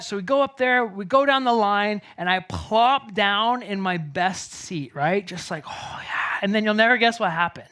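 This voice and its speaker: A man, preaching a sermon as a pastor in a casual, animated storytelling way. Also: very high-pitched.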